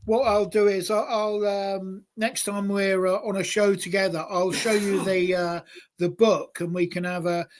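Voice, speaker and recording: A man's voice: sits high, level tone, moderate pace. A man hosting a live stream, talking casually with many hesitations and restarts. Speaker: host.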